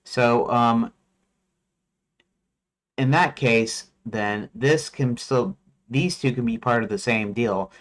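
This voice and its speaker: Streaming as a game developer, this man reads through his story notes and reasons out loud, sounding unsure, questioning himself, and using many fillers and restarts. His mid-range voice has a fairly bright tone, and he speaks slowly with frequent pauses.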